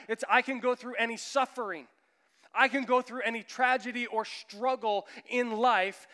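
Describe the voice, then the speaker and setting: A pastor in his thirties delivers a sermon with a high, smooth, resonant voice. He talks with lively energy and slips into the voices of the people he quotes. The sound carries a long reverb, as in a large church hall. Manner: animated, acts out quoted voices of his son and listeners. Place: church sanctuary.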